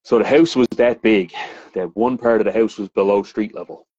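A plumber from Newfoundland, Canada, speaking Newfoundland English in a fairly low, husky voice at a moderate pace, tells work stories in casual podcast chat. He's animated, laughs and swears a lot, and uses frequent fillers. The podcast audio is dry and slightly dull, with no room sound.

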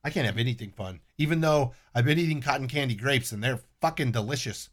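A middle-aged man telling stories in a casual chat, cursing freely and animated. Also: medium pitch, fast. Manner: profane, animated storyteller.

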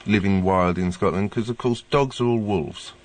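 Earnest low-voiced male scientist guest. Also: moderate pace, darkish tone. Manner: earnest, explanatory. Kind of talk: radio discussion.

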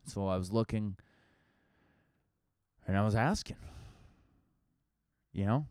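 A man's voice: fairly low pitch, slow, darkish tone, dry recording, studio quality. A young man, a comedian, rambling through a profane, casual podcast monologue full of fillers.

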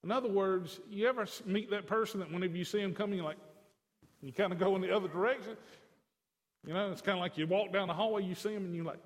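A man with a notably high voice preaches a sermon, easing into folksy, conversational asides before building to emphatic declarations. His voice carries through a church sanctuary with a long, lingering reverb. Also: fast. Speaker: pastor.

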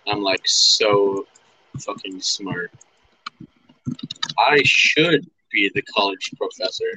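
Slow-talking young man, bright swooping voice. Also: fairly low pitch, expressive, a little hiss or hum, rough recording. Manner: drawling, self-mocking, swearing. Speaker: gamer. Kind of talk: casual chat while gaming.

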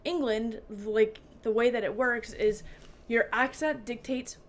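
A woman's voice: a little high, measured pace. A woman in casual podcast chat, telling a story with many fillers and asides.

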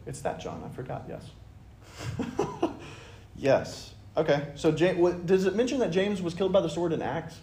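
A man's voice: on the high side, sing-song, normal speed, long pauses, warm tone, slight background noise. A man teaching a casual Bible study, enthusiastic and chatty, often acting out scripture lines. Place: church meeting room. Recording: roomy room sound.

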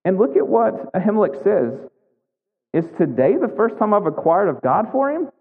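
A man's voice: sits high, big pitch swings, normal speed, breathy edge. A man preaching a sermon, retelling a scripture story conversationally and checking in with "right?" as he goes. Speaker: pastor. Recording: echoey hall, thin phone-like sound.

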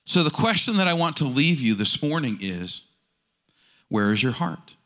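Male pastor, sermon, animated storytelling, rhetorical questions, lively pitch, bright ringing voice. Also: moderate pace.

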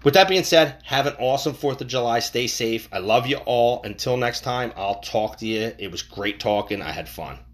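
A man hosting a casual podcast monologue, rambling and cursing, jumping from loud bursts to mumbles, recorded on a boom-hung mic in an untreated room. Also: moderate pace, few pauses. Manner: rambling, profane, swings between loud and mumbled. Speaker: podcast host. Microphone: boom-hung microphone. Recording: slight room echo.

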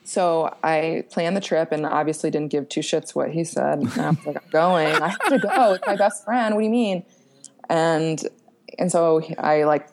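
A woman's voice: sits low, darkish tone. A young woman from Pennsylvania, a podcast guest, frankly telling a personal story with plenty of fillers, casual swearing and laughs at herself. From Pennsylvania, USA.

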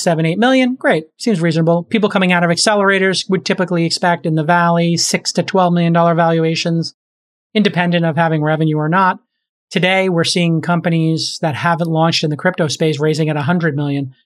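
Brisk, emphatic startup fundraising advisor. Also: medium pitch. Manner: brisk and emphatic, acts out example dialogues. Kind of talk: conversational advice talk.

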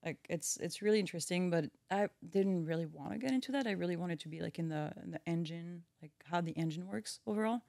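A woman's voice: fairly low pitch, fast, vocal fry, hardly any pauses, warm tone, dry recording, studio quality. A woman with a French accent, a podcast guest chatting casually and peppering her speech with "like". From France. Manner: chatty, filler-heavy with many "like"s. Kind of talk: casual chat.

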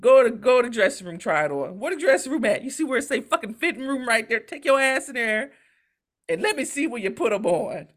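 A woman co-hosting a podcast, telling a story in a profane, animated, casual way. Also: on the high side, brisk. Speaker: podcast co-host. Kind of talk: casual chat.

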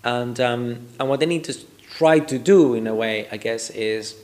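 A man's voice: mid-range voice, normal speed, darkish tone. A man as a guest on a podcast, explaining his views thoughtfully and often checking in with a "right?". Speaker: guest expert. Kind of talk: podcast conversation.

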